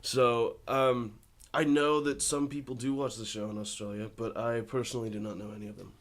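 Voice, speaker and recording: A man's voice: medium pitch, brisk. A young American man, an actor, chatting casually as a guest in an interview, telling stories with frequent laughs. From United States. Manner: laughs often, relaxed storytelling.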